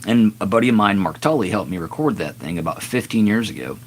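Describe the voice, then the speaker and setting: A raspy, middle-aged singer-songwriter chatting earnestly and self-deprecatingly on his live stream between songs. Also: lowish voice, animated, fast talker.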